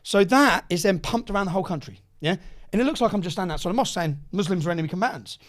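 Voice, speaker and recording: A man's voice: high-pitched, animated, very fast, fairly bright tone. A man, a podcast guest telling stories casually, swearing freely and acting out what others said. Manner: swears freely, acts out quoted dialogue. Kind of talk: casual storytelling.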